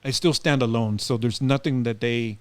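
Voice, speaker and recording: Man, middle-aged, podcast guest, animated storytelling, middle pitch, dry close sound. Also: normal speed, dry recording. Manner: animated, acts out quoted dialogue, loose with fillers. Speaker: podcast guest, community activist. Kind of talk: casual storytelling.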